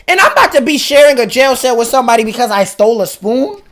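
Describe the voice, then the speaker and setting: A man hosting a reaction video, giving loud, incredulous, slang-heavy comedic commentary. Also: very high-pitched, big pitch swings, fast talker, slight background noise.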